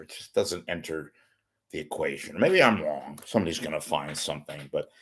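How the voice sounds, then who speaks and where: A man hosting a live online talk show, rambling through wisecracking solo commentary that swings between loud outbursts and muttered asides. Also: extremely low pitch, expressive, normal speed, slightly rough.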